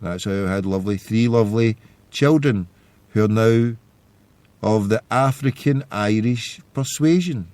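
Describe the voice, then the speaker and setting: A man's voice: fairly low pitch, a little slow, a little mellow, no echo. A man, hosting a podcast and telling stories in a loose, rambling monologue. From Scotland. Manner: rambling storytelling. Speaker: podcast host. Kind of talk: casual monologue.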